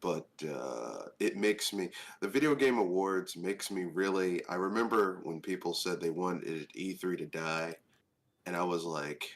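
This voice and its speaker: Hoarse, deep-voiced man with a cold. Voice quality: deeper than usual. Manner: blunt, jokey, swears casually. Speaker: podcast panelist. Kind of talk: casual podcast chat.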